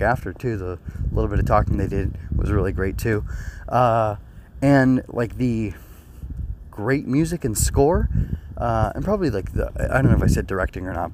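A man's voice: medium pitch, a little mellow, slight background noise. A young man with a sore throat giving a casual spoken review of an anime episode, rambling earnestly with many fillers and restarts. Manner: earnest and emotional.

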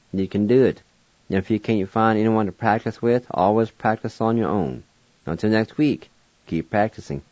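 A man giving a radio language lesson, spelling each word letter by letter and then pronouncing it with careful, deliberate patience. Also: on the low side, a little mellow, no room sound, muffled recording. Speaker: language teacher.

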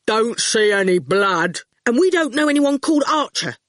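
A woman's voice: sits high, wildly swooping pitch, moderate pace, a bit bright, slightly rough, no echo, studio quality, pitched above the performer's own voice, full character voice. A woman voicing a sulky, snappish schoolboy in an audiobook. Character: grumpy schoolboy, big for his age.

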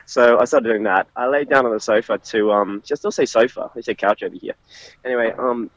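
A man's voice: medium pitch, no echo. Man on a muffled phone call. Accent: English, with some Australian. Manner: chatty, laughing storyteller. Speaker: podcast guest on a phone call. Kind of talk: casual chat. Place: working in a café. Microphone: phone speaker on a call.

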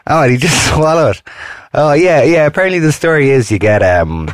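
Laughing, lively man on a podcast. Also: a little high, normal speed, no echo, clean studio sound. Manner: laughs often, rambling with fillers. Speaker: podcast co-host. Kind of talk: casual chat.

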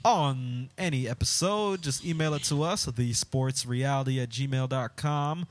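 A man's voice: mid-range voice, a little slow. A man co-hosting a casual sports talk show, upbeat and laughing often as he moves between segments. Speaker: podcast co-host.

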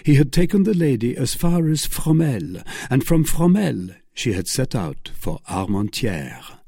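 A man narrating a classic adventure novel in a measured, expressive storytelling manner, close to the mic. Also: mid-range voice, husky, dry recording. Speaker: audiobook narrator.

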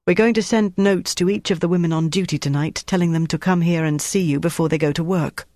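A narrator voicing a determined female resistance leader in an audiobook, low, firm and clipped. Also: brisk, a little mellow, dry recording, clean studio sound, close to an everyday voice. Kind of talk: audiobook character voice.

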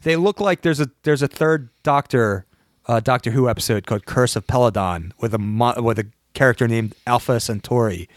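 Male host, enthusiastic rambler, mid pitch, dry recording. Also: a little fast, no echo. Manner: rambling, enthusiastic, many restarts. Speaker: podcast host. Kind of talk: casual film discussion.

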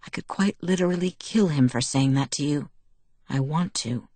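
Woman voicing calm protective young man, lowish voice, soft and measured, dry close read. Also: no echo. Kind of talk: audiobook dialogue reading.

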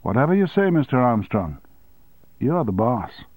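A man's voice: medium pitch, big pitch swings, moderate pace, darkish tone, husky, no room sound, pitched above the performer's own voice. A man reading an audiobook and voicing a smug male union boss who speaks with sly, feigned innocence.

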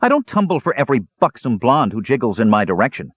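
A man's voice: medium pitch, big pitch swings, quick pace, husky, dry recording, narrow, tinny audio, voice pushed up. A man doing a peevish young mage. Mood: irritated. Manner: peevish, clipped retorts. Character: young male mage, irritable and proud.

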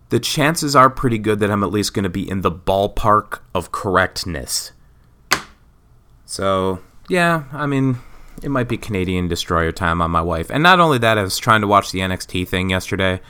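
A man's voice: lowish voice, bright, forceful tone, clean tone. A man hosting his own podcast, ranting sarcastically and profanely in a rambling casual monologue. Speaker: podcast host. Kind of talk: casual solo rant.

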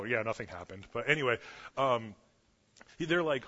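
A young man preaching a casual storytelling sermon, chatty and animated, loudly acting out the quotes. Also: fairly high pitch, a little fast, breathy edge. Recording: muffled lo-fi sermon recording.

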